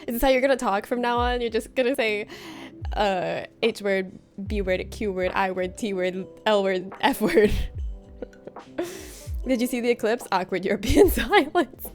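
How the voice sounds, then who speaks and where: A woman's voice: medium pitch, moderate pace, faint music behind. A woman hosting a casual livestream from a room at home, reading out viewer comments in a playful, teasing way and laughing often. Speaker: livestream host.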